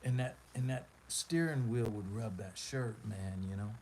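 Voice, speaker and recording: A man's voice: on the low side, measured pace, a little mellow, slight background noise, rough recording. A man hosting a live stream, telling a long story in a rambling, laid-back way. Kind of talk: casual storytelling.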